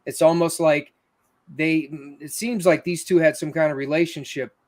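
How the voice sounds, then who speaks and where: Man, casual chat, earnest storyteller, slightly high voice. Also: steady tone, normal speed. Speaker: paranormal investigator.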